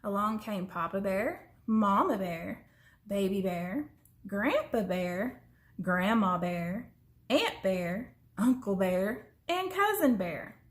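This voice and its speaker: Slow, expressive woman reading a story. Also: mid-range voice. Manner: expressive, slows down for suspense, sometimes drops to a whisper. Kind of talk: reading a children's story aloud.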